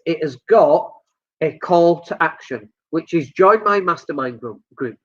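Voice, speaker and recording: A man's voice: fairly high pitch, a bit bright, breathy edge, lo-fi sound. A Northern English man giving blunt, joking business advice during a live stream. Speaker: business coach.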